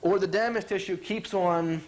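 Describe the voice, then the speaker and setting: A middle-aged man with a high voice gives a folksy health talk as a chiropractor. He is animated and acts out what people say, checking often that his listeners follow him. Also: normal speed, a little hiss or hum. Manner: animated, acts out quotes, asks "you follow?".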